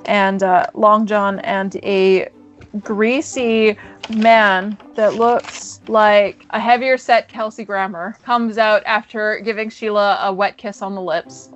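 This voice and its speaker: A woman running a tabletop game over a voice-chat mic. She narrates in a chatty, filler-heavy way at a middling pitch, with faint music playing underneath. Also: fairly even intonation, slow, muffled recording. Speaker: game master.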